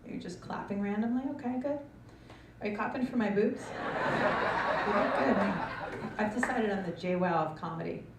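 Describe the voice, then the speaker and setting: A woman's voice: mid-range voice, moderate pace, creaky, long pauses. A woman from New Jersey performing a brash, profane stand-up comedy routine on a club stage before a live audience. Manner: brash, profane, punchy delivery. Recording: roomy club recording from a distance, audience noise.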